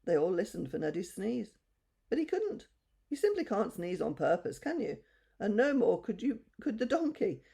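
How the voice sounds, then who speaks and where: An older woman reads a bedtime story aloud to children. She is gentle and expressive and often asks the listeners questions. Her voice sits in a mid range with a gravelly texture. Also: mid-range voice, normal speed. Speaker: storyteller reading to grandchildren.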